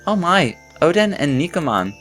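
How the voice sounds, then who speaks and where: Brief: man doing a polite young woman, soft and formal, voice pushed up high. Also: sing-song, normal speed, faint music behind. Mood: gentle. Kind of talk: reading game dialogue aloud.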